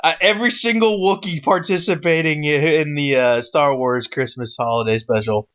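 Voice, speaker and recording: A man's voice: a little high, normal speed, fairly bright tone. A man co-hosting a podcast, chatting casually and eagerly agreeing. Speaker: podcast co-host. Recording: dull lo-fi podcast sound.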